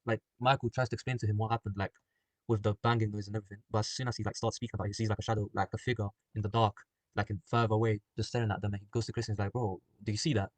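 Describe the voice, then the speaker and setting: A young-sounding man talks through a story idea in a loose, rambling way, dropping "like" and "um" everywhere. His voice sits low and the sound is close and dry, with no room around it. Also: no room sound. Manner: rambling, full of "like" and "um". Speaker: group chat member pitching a film plot. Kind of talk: casual story pitch.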